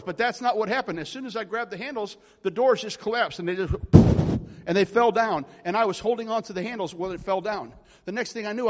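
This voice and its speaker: Male preacher, forties, high voice, storytelling sermon that builds to loud calls, reverberant hall. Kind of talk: charismatic sermon.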